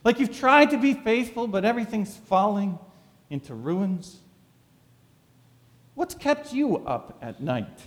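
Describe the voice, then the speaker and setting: A pastor preaching a sermon, full of dramatic rhetorical questions. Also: male voice, sits high, very animated, unhurried, long pauses, in a large hall.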